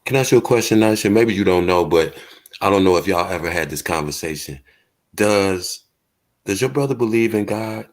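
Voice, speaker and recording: A man co-hosting a casual interview, asking loud, curious questions. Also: low-pitched, expressive, a little fast.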